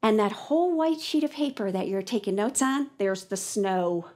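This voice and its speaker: A woman teacher talking to students in a classroom lesson, lively and expressive, sometimes dropping to a whisper. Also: medium pitch, normal speed. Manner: animated, drops to a whisper for the thinking voice.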